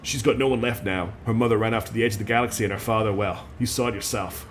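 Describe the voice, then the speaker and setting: A man voicing a calm, worldly character who speaks in a low, measured way. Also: a little hiss or hum, close to an everyday voice.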